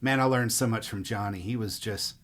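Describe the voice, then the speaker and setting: A middle-aged man from Mississippi, telling stories in a rambling, relaxed way as a musician guest in an interview. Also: lowish voice, a little fast. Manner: relaxed, rambling, frequent fillers. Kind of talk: casual interview storytelling.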